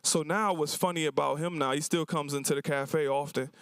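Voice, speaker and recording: A man's voice: on the high side, fairly even intonation, fairly quick, fairly bright tone, clear, resonant tone, no room sound. A man who runs a cafe, speaking at a symposium and telling stories about his customers in a casual, colloquial way, acting out their lines. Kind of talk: storytelling talk to an audience. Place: university symposium event.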